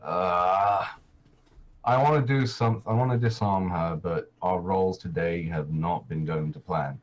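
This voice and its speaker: A man's voice: sits low, unhurried, muffled recording. A man in casual tabletop play, blunt and practical. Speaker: player.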